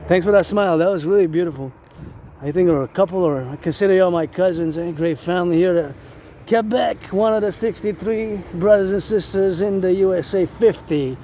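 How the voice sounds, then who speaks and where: A man's voice: sits high, fairly quick, warm tone, a little hiss or hum. A man outdoors downtown, chanting a freestyle marching cadence in short repeated rhyming phrases.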